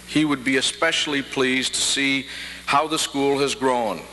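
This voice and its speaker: A middle-aged man from Prince Edward Island giving a formal convocation address at a podium, with measured pacing and dry humor. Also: medium pitch, fairly even intonation, bright, forceful tone. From Prince Edward Island, Canada. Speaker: convocation speaker. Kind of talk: formal ceremonial address with jokes. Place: large hall. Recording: reverberant hall, faint hum, 1990 archive.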